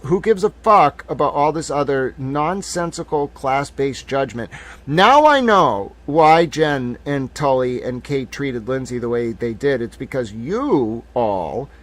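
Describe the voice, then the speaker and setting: A man in his thirties hosting a live stream, ranting in a heated, profane way. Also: mid-range voice. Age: 30s. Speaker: livestream host.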